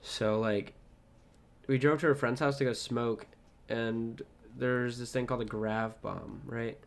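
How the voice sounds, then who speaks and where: A man's voice: mid-range voice, steady tone, unhurried, gravelly. A young man co-hosting a podcast, telling a long story in casual chat, rambling, swearing often and laughing at himself. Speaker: podcast co-host.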